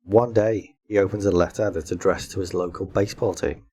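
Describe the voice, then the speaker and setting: A man co-hosting a podcast in casual chat, pitching silly comedy film ideas and laughing often. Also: fairly even intonation, fairly quick, darkish tone, husky. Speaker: podcast co-host.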